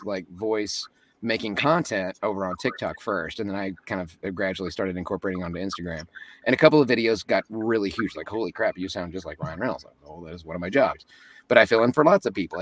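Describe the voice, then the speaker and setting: A man's voice: lowish voice, fairly bright tone, recorded from a distance. A man, a voice actor, talking as a guest in a casual interview, chatty and joking, often laughing.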